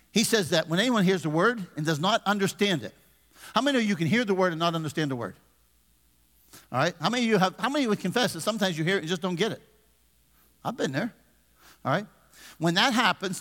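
A man's voice: high-pitched, expressive, brisk, fairly bright tone, in a large hall. A man in his fifties, a pastor preaching a conversational sermon with humor and questions to the congregation. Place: church sanctuary.

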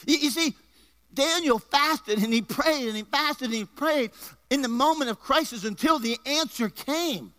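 Energetic high-voiced preaching man. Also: normal speed. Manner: energetic preaching with rising emphasis and jokes to the congregation. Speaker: pastor. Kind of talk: sermon. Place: church before a congregation.

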